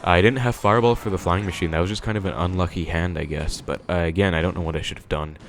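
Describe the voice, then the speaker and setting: A man's voice: sits low, steady tone, fast talker, a little hiss or hum. A young man giving casual commentary on his own gameplay, thinking aloud with many fillers. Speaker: gaming video creator.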